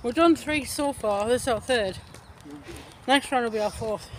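A woman chatting casually with her sister on a walk in a park, relaxed and quick to laugh. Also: fairly high pitch, slight background noise. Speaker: vlogger's sister. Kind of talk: casual chat. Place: park outdoors.

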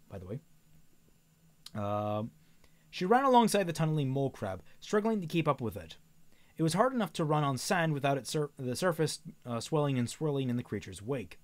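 Man reading a novel aloud, animated, stumbles and self-corrects, wry comments. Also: fairly high pitch, brisk.

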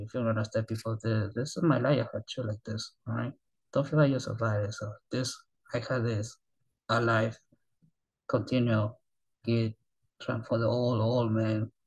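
Halting man in his thirties. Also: on the low side, poor audio. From Japan. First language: Japanese. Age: 30s. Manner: halting broken English, often trailing off softly. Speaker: reaction video host. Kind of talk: rambling casual monologue.

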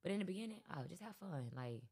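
A woman with a notably low voice, chatting in an easy, casual way. She rambles and pads her sentences with fillers as she goes. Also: fast, slightly rough. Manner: relaxed, rambling with many fillers. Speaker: guest rapper. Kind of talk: casual interview chat.

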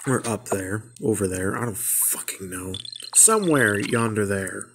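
A man's voice: on the low side, unhurried, vocal fry, background noise. A man giving casual, profane gameplay commentary, rambling to himself and laughing at the game. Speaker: gameplay streamer.

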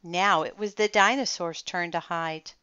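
Slow, clear woman reading a storybook. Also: on the low side, steady tone, bright, forceful tone, dry recording, lo-fi sound. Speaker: children's book reader. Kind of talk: storybook read-aloud.

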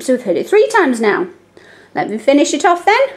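An Australian woman tutor explaining how to teach spelling, reading rhymes aloud slowly and deliberately. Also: sits high, big pitch swings, darkish tone. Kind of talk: teaching demonstration.

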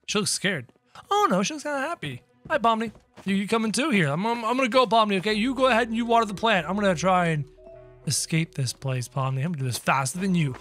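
A man commentating a game he is playing, with excitable, exaggerated reactions and playful chatter. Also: on the high side, normal speed, faint music behind. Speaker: gaming channel host.

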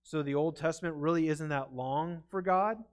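A man serving as pastor preaches in a church sanctuary, his voice a little high and his speed normal. His manner is earnest and chatty, with occasional verbal stumbles.

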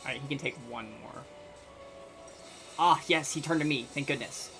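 A man's voice: mid-range voice, normal speed, pushed and bright. Man muttering let's-play commentary. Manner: muttering, thinking aloud to himself. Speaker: gaming channel host. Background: faint game music.

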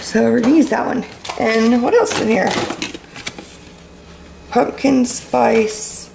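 A woman's voice: a little high, creaky. Chatty woman vlogging at home. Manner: rambling, chatty, quick asides. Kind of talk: casual chatty vlog. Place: home kitchen. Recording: noisy home kitchen recording.

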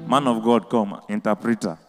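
A man with a Nigerian Pidgin accent doing stand-up comedy, firing off quick asides and mock reactions. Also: lowish voice, steady tone, in a large hall, faint music behind.

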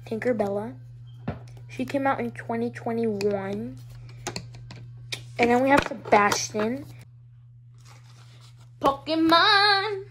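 A woman's voice: on the high side, slow, long pauses, noisy background. A female vlogger showing her toy collection in a hyper, giggly, rambling way. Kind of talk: casual show-and-tell vlog.

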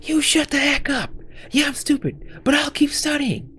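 A man voicing an insecure young male student in a game dub, pleading and high-strained. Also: normal speed, pushed and bright. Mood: angry.

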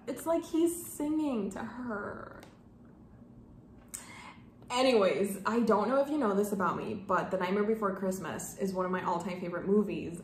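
A woman in her twenties chatting casually in a book vlog, gushing and excitable, often stumbling over her words. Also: medium pitch. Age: 20s. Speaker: book vlogger. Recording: echoey room, faint background hum.

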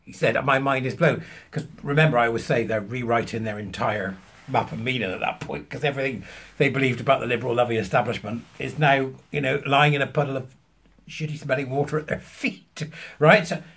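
A man, hosting a casual solo show from home, rambling along with wry asides in a husky voice. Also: mid-range voice, steady tone, fairly quick, a bit bright. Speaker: host. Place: alone at home early morning.

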